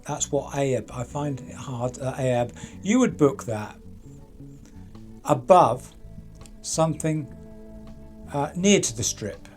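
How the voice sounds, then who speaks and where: Casual male true crime host, middle pitch, chatty and questioning, faint music under. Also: darkish tone. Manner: chatty, rhetorical, addresses people directly with questions.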